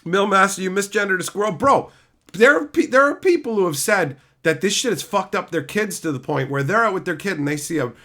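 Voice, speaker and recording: A male streamer ranting at full heat, swearing constantly and mocking his targets. His voice swings widely in pitch, climbing and dropping with every outburst, and has a bright, forceful edge. The rant often rises to shouting. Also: animated, fairly quick. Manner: profane, heated, mocking, shouting at times. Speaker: streamer host. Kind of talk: angry livestream rant, reading chat.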